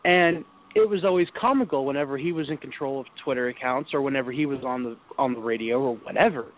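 A man's voice: medium pitch, quick pace. A man hosting an internet radio show, telling crude stories in a casual, profane way and laughing often. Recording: tinny call-in audio.

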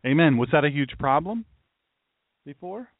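A man, a pastor, giving a mocking, animated commentary monologue and talking to an imagined audience. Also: a little high, normal speed, dry recording. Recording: tinny phone-like dry sound.

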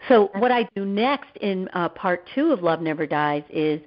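A woman's voice: lowish voice, lively intonation, normal speed. A woman guest author and therapist telling a personal story in an interview, acting out the voices of the people she quotes. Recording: dull lo-fi audio.

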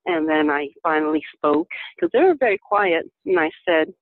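A caller on a call-in show telling a personal story in a calm, gentle, spiritual way, with many pauses and fillers. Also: mid-range voice, dry recording. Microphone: telephone. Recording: tinny phone line, dry.

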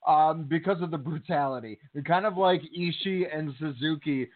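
A man co-hosting a wrestling talk show, telling stories in a chatty, animated way. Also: fairly high pitch, moderate pace. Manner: chatty, animated storytelling with fillers. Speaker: podcast co-host. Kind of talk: casual chat. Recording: tinny phone line.

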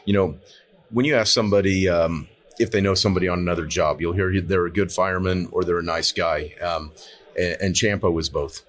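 A man on a conference panel chimes in with short, dry jabs at his colleague. His voice sits very low. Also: steady tone, brisk. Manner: dry teasing, short remarks. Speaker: fire service instructor, co-host. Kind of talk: casual panel chat.

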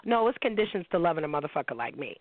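A woman's voice: low voice, racing, no echo. A woman hosting a casual call-in show, blunt and profane. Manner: blunt, profane, animated storytelling. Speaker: podcast host. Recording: tinny phone-line sound.

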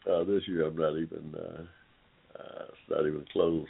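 Man, very deep voice, rambling talk-show host, thin phone-line sound. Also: level tone, normal speed, creaky, slightly rough. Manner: rambling, frequent "uh" fillers, addresses listeners as "y'all". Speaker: online forum host. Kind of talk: casual talk-show commentary.

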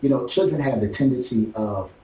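A man hosting a casual talk show, speaking haltingly with many fillers and restarts. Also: mid-range voice, mellow. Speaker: host. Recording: roomy, distant mic, faint background noise.

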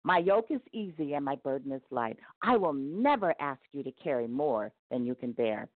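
A woman voicing God in a storybook tale, gentle and reassuring. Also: very deep voice, expressive, normal speed, no room sound. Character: God, gentle, patient and kind. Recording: tinny phone-like dry sound.

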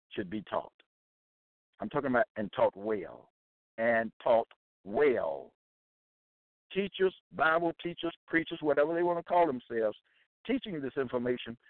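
An insistent man preaches in a monologue, repeating each point several times. His voice swings lively up and down for emphasis. It sounds dry and thin, like a phone line. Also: mid-range voice, no echo. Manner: repetitive, insistent, rising and falling emphasis. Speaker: self-published author and Bible commentator.

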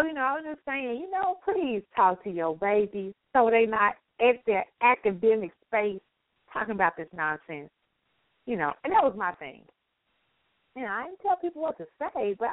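Animated woman on a tinny phone line. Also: a little high, no room sound. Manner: animated storytelling, acts out voices. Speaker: co-host; teacher. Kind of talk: casual radio chat. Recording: dry phone-line audio.

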